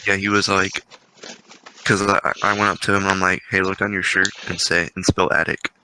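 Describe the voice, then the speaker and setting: A man's voice: sits low, level tone, a little fast. A man co-hosting a podcast in casual chat, telling stories in a wry, dry way. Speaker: podcast co-host. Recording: noticeable background noise.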